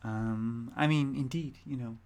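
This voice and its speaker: A woman streams a role-play game and talks her viewers through it in an unhurried, chatty way. She giggles and fills gaps with ums, and keyboard typing and clicks come through behind her. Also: a bass voice, a little mellow.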